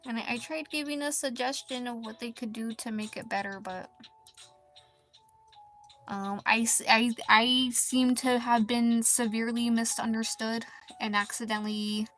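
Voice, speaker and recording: A woman streaming as an artist, chatting casually while she draws, in a halting, rambling and quietly deflated way. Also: on the high side, steady tone, faint music behind. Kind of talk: casual chat while drawing.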